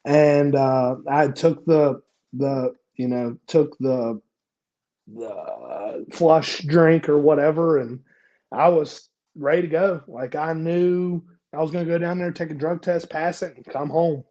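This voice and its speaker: A man's voice: a little high, slow pace, warm tone, dull audio. Young man swearing through a recovery story. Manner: profane, self-mocking, lots of fillers. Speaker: podcast guest. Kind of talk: casual storytelling.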